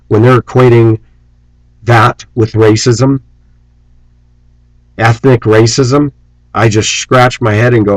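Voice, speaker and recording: A man's voice: no echo, poor audio. A man delivering an angry, preachy rant on his vlog, scornful and sarcastic. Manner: mocks opponents in shrill put-on voices. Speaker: vlogger.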